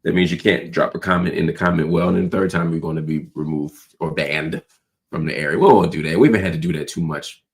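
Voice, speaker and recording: A man hosting a casual nightly livestream show, slightly hoarse from a cold, talking loosely and calling his viewers y'all. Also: rumbling low, fairly even intonation, quick pace. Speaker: host.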